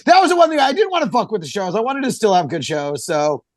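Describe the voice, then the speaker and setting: A man, a comedian co-hosting a podcast, telling loud, animated stories full of swearing. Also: high voice, fast. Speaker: comedian co-host. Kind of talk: casual chat.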